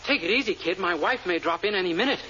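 A wisecracking, brash impostor. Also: male voice, high-pitched, lively intonation, fast talker, bright, forceful tone. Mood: breezy. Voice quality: breezy, wisecracking delivery. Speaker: lead in a radio comedy. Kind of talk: 1940s radio acting. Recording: muffled old radio recording with hiss.

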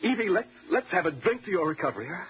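An actor playing a frightened husband who stammers and pleads, in 1940s radio acting style. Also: male voice, sits high, sing-song, racing. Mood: placating. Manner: nervous, stammering, placating. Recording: dull old radio recording, faint hiss.

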